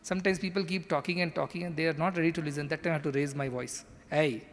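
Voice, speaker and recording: Man, spiritual discourse, explanatory, slightly high voice, hall reverb. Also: steady tone, very fast. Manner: earnest, explanatory, acts out quoted lines. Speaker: spiritual teacher.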